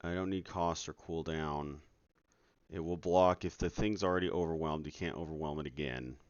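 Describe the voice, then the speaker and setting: A man's voice: extremely low pitch, fairly even intonation, normal speed, smooth, no room sound. A man streaming his game development from home, talking casually to his audience while he works, exasperated, sarcastic and swearing often. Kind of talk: casual live-stream commentary. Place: at home at night. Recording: dull lo-fi sound.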